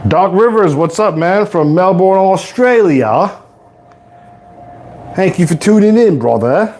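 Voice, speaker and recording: A young man from Toronto hosting a casual live cooking stream, rambling to viewers in relaxed slang from his home kitchen. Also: high voice, takes it slowly, a little hiss or hum. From Toronto, Canada. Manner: laid-back rambling slang-heavy talk to viewers. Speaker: livestream host.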